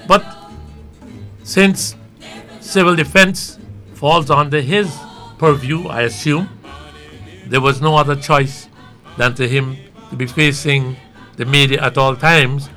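Bright-toned male commentator, measured. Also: a little high, faint music behind. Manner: measured, rambling, thinks aloud. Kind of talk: talk show commentary.

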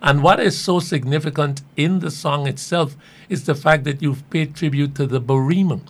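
A man's voice: a little high, steady tone, normal speed. A man hosting an interview, asking earnest, leading questions. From Guyana. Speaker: radio host.

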